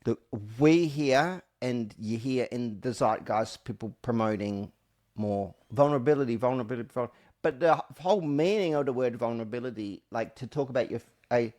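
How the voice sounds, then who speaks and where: A man's voice: medium pitch, moderate pace. A man hosting a podcast in casual chat, joking and restarting his sentences as he talks. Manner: animated, jokey, with self-interrupting restarts. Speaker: podcast host.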